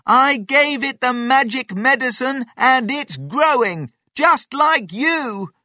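A reader voicing a curious, eager young boy in a raised, brighter voice. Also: medium pitch, big pitch swings, slow pace, gravelly, slightly rough, dry recording, studio quality, voice pushed up, heavily acted.

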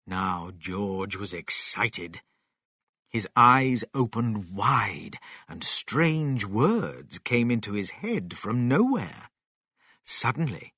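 A narrator reading a children's storybook aloud with dramatic, expressive delivery. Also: medium pitch, slightly rough, no echo, clean studio sound. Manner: slow, very animated, dramatic swings.

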